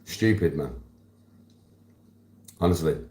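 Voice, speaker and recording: Very deep-voiced Birmingham man chatting. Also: animated, slow pace, mellow, roomy sound. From Birmingham, England. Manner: laid-back, slangy, answers chat by name. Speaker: livestreamer reading chat. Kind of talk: casual livestream chat.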